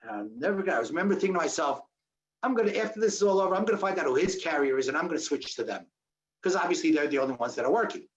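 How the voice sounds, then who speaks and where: Guy telling his story to a crowd, high voice, acts out every line, kinda muffled lo-fi sound. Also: very fast. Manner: animated, acts out quoted dialogue with sharp pitch jumps. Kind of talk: storytelling talk to an audience. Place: audience hall. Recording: dull lo-fi recording.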